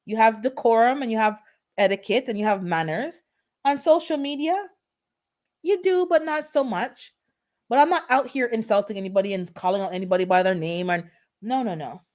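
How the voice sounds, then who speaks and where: A woman's voice: fairly high pitch, a little fast, darkish tone. A woman hosting her own channel, chatting casually on a live stream in a blunt, sarcastically funny, rambling way. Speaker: gardening channel host.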